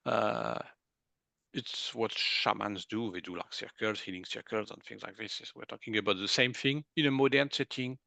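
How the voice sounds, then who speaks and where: A man with a French accent, a guest in an interview, talking in an animated, casual way and often laughing. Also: on the low side, moderate pace, creaky, no room sound. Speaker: guest, medical intuitive.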